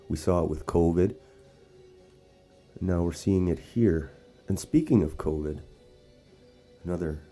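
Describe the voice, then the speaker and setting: A very deep, mellow-voiced Canadian man hosts laid-back political commentary in Sarnia, outdoors or in a casual spot. He meanders, frequently starting over and going off on asides.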